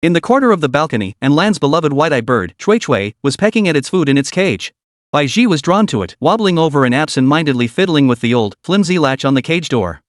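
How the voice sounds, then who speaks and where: A man narrating an audiobook story in an animated reading style. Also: a little high, fairly quick, no echo, studio quality.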